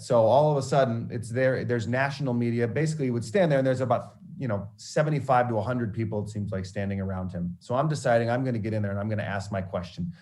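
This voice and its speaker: A man in his forties, a TV sports reporter, telling career stories to students in an animated, anecdotal way with frequent restarts. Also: fairly low pitch. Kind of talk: storytelling motivational talk.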